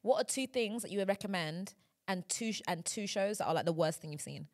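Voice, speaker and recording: A woman's voice: mid-range voice, fairly quick. A young woman, hosting a podcast in casual chat, enthusiastic and chatty, often checking "do you know what I mean". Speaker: podcast host.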